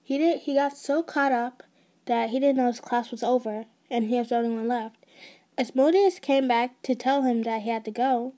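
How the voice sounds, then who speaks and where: A woman's voice: fairly high pitch, fairly even intonation, normal speed, dark tone. A woman narrating an ASMR fan story in a casual way, with restarts and side notes.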